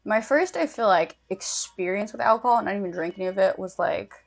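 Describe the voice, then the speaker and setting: A woman's voice: medium pitch, animated, brisk, gravelly, soft background music. Casting: young woman, chatty and giggly, streaming her makeup routine in casual chat. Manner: chatty, giggly, lots of fillers.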